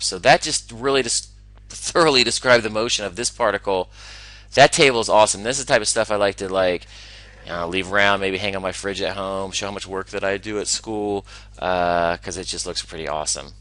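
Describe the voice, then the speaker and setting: A man teaching a recorded math lesson, enthusiastic and talking himself through each problem with quick asides. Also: lowish voice, pushed and bright, dry recording, low-quality recording.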